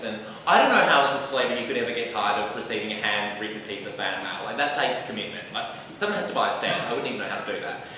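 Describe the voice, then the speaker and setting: Sassy young Australian comedian in an echoey hall. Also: male voice, medium pitch, pushed and bright, slight background noise. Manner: self-mocking, sassy, hesitant with many ums. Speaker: stand-up comedian. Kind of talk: stand-up storytelling. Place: live theatre stage. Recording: echoey hall, mic from far off.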